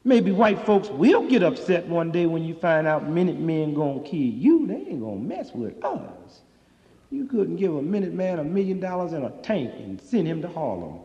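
High, gravelly man doing stand-up. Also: moderate pace. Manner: animated, profane street-talk storytelling. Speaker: stand-up comedian. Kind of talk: stand-up comedy monologue. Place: live stage before an audience. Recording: dull lo-fi live recording in a reverberant hall.

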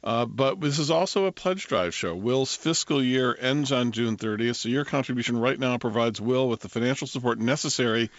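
A man hosting a public radio talk show, speaking in a relaxed and easygoing way. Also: medium pitch, moderate pace, few pauses, no echo, lo-fi sound.

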